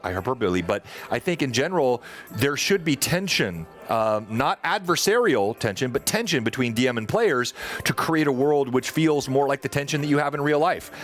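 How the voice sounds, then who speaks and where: A man's voice: medium pitch, a bit bright. A man hosting a live tabletop gaming talk show, rambling casually with many fillers while reading out chat comments. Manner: rambling, reads chat aloud, frequent fillers. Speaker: podcast host and dungeon master.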